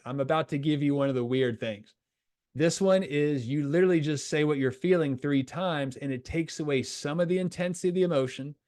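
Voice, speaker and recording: A man coaching young soccer players on mental skills, energetic and acting out the voices in their heads. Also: on the high side. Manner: energetic, acts out inner voices. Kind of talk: coaching talk to a youth soccer team.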